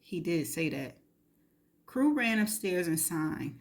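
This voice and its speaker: A woman reading a novel aloud in the first person, steady and intimate. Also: lowish voice, takes it slowly. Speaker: reader.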